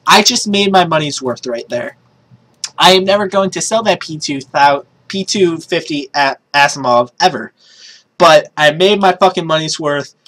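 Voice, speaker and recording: A woman doing casual gaming commentary who swears a lot and breaks into excited shrieks and yells. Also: low-pitched, normal speed, poor audio. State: yelling in excitement. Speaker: gaming streamer.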